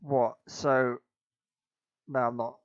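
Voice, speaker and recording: A man grumbling through a game in casual commentary, deadpan and calling his friend mate. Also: medium pitch, slow. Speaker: gamer. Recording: dull lo-fi video audio.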